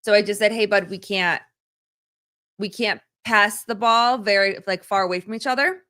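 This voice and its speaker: A woman co-hosting a casual live call-in stream, telling a family story in a relaxed way with plenty of fillers. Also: mid-range voice, moderate pace. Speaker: co-host.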